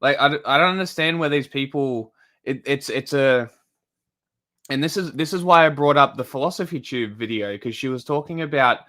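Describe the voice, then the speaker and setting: A man's voice: fairly high pitch, expressive, normal speed, pushed and bright. A man chatting casually on a live stream, rambling and swearing, with lots of restarts and fillers. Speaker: livestreamer commenting on news.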